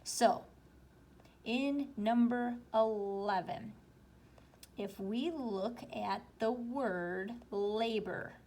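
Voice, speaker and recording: A woman teacher slowly and patiently walking students through a spelling worksheet, step by step. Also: mid-range voice, darkish tone. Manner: slow, patient, explaining step by step. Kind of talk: spelling lesson walkthrough.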